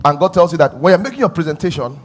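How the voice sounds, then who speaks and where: Male preacher, high voice, punchy repeated phrases, faint music underneath. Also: very fast. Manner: emphatic, repeating phrases for stress; animated storytelling, often laughing. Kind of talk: sermon.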